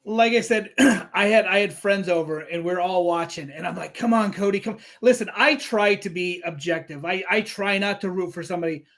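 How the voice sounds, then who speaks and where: A man interviewing a fighter in a casual chat, excitable and openly pulling for his guest. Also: high-pitched, a little fast, few pauses.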